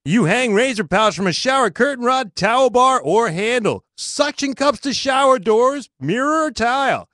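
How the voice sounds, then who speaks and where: A man's voice: very high voice, animated, normal speed, hardly any pauses, fairly bright tone, no room sound, studio quality. A man, a co-host of a live show, reading a product promo in an over-the-top infomercial announcer style. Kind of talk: mock infomercial read.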